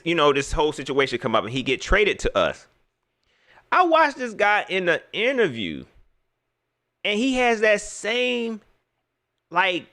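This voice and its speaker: Here a man hosts a laid-back sports talk livestream, talking directly to his audience in slangy, repetitive language. As he gets worked up his pitch swings widely, and his delivery is bright and forceful.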